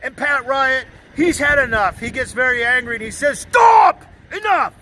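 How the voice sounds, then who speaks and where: A man being interviewed, telling an animated and mocking story with lots of emphasis. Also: extremely high pitch, moderate pace, a little hiss or hum, poor audio.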